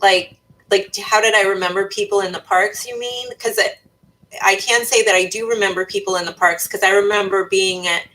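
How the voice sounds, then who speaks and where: A woman's voice: medium pitch, steady tone, a little fast, sharp tone, rough recording. A young woman livestreaming, reading viewers' comments aloud and thinking aloud in casual chat, with many fillers and restarts. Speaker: YouTuber reading live chat. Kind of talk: casual live-stream chat.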